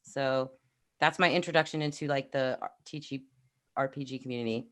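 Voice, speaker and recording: A New York woman in her thirties with a matching accent co-hosts a podcast, chatting casually on a livestream, rambling and laughing often. Her voice is very deep and smooth, at a moderate pace.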